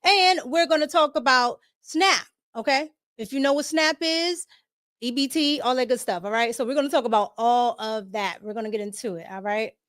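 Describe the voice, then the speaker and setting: Woman host, D.C. accent, slightly high voice, chatty and laughing with her chat. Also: moderate pace, a bit bright. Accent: Washington D.C. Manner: chatty, greets viewers by name, laughs often. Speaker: podcast host. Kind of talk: casual livestream chat.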